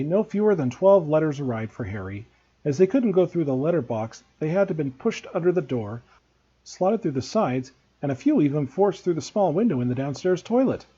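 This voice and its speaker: A man, a teacher, reading a novel aloud to students in a steady, expressive way. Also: a little high, breathy edge, lo-fi sound.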